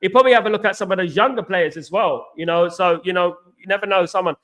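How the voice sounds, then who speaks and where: Hosting a football fan show live, this East London man has a high-pitched, somewhat bright voice and a quick pace. His casual talk loops back on itself, he reads comments from viewers and "absolutely" comes up again and again.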